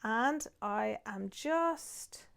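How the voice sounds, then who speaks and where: A woman teaching acupressure and breathing, guiding listeners calmly step by step while she demonstrates on her own hands. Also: on the high side, very slow, creaky, smooth. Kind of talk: guided acupressure and breathing instruction.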